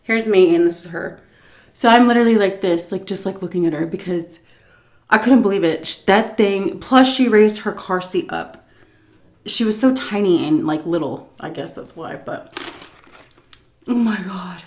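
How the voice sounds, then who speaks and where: A woman spinning a casual story for her viewers, chatty and animated. She leans on fillers and jumps into little reenactments as she talks. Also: medium pitch, normal speed. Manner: animated, lots of fillers and laughs, acts scenes out. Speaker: food vlogger.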